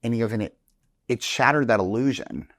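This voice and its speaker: A man's voice: medium pitch, brisk, no room sound, clean studio sound. A middle-aged man telling stories in casual chat, rambling and acting out quoted dialogue. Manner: rambling storyteller, acts out quoted dialogue, swears. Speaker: podcast guest, real estate instructor.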